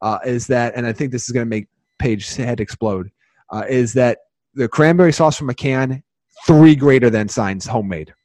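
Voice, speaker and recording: A man co-hosts a podcast in loose, casual chat. He rambles excitably and keeps circling back to restart his sentences. His voice is dry and close, with nothing around it. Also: medium pitch, normal speed, no echo. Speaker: podcast co-host.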